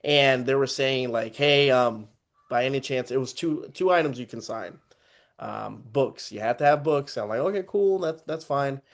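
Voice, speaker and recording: Telling a story on a casual podcast, a young Texan host speaks at normal speed in a mid-range voice with some vocal fry. He's animated, performing the voices of anyone he quotes.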